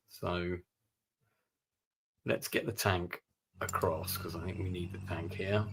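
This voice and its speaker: A man's voice: low voice, gravelly, slight background noise. A man streaming a strategy game, giving gameplay commentary and thinking aloud with muttered asides.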